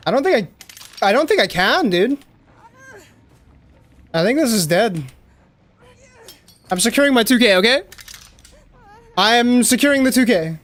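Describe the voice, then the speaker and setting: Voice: medium pitch, expressive, unhurried, pauses often, fairly bright tone. A young adult streamer giving casual, slangy live commentary on a match and talking straight to chat. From South Africa. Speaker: game streamer.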